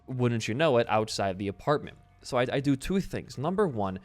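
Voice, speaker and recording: A young man of ordinary pitch, chatting loosely as he plays a game and tells a long story. He rambles, restarts and swears casually. Faint game music sits under his voice. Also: big pitch swings, normal speed. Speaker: gaming video host. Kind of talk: casual let's-play commentary mixed with storytelling.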